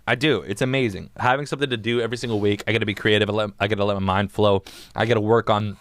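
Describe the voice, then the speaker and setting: A man's voice: on the low side, steady tone, rapid-fire, fairly bright tone, no echo. A young man hosting a casual solo podcast from his home music studio, rambling and joking, with "dude" in nearly every other line. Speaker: podcast host.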